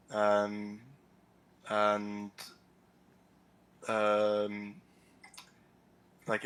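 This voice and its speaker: A man speaks over an online call in a low, level voice that barely rises or falls. He tells his story haltingly, with fillers and restarts. It sounds like plain remote-call audio. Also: a bit bright, rough recording. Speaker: caller, convert recounting his experience.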